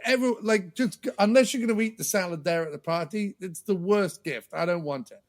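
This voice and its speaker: A man's voice: high-pitched, a little fast. A man hosting a podcast, telling stories in casual chat, acting out scenes and swearing freely. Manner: animated storyteller, swears freely, acts out scenes. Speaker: podcast host.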